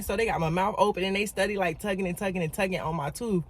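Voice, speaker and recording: A woman's voice: medium pitch, fast talker, a little hiss or hum. Emphatic woman telling a storytime vlog. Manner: emphatic, talks straight to viewers; animated, repeats words for emphasis. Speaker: vlogger.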